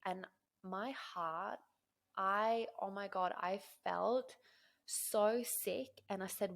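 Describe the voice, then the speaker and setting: A woman in her thirties, a podcast host telling a personal story in an animated, emotional way. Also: medium pitch, slow, gravelly. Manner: animated, emotional storyteller who acts out dialogue.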